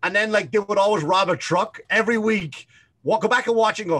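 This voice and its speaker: This man has a notably high voice and rants in casual, profane chat on a podcast he co-hosts. He talks over a remote video call and drops into mocking impressions of other people. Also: brisk, bright, forceful tone. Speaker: podcast co-host.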